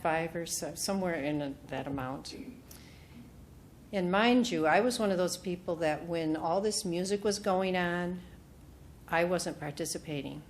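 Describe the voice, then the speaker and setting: A woman speaker at a retreat, telling a personal story in an animated way and acting out what others said. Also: fairly low pitch, unhurried, a little hiss or hum. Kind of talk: personal testimony talk. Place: retreat meeting room.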